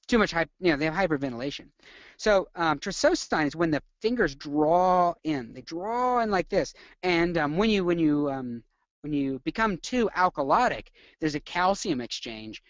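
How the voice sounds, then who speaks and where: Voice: mid-range voice, dry recording, lo-fi sound. A nursing lecturer giving a live webinar, full of energy, quizzing the viewers and acting out symptoms.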